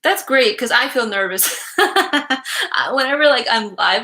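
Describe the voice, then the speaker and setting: A woman's voice: on the high side, animated, unhurried, bright, forceful tone. A young woman giving psychic readings on a live stream, chatty and giggly with many fillers.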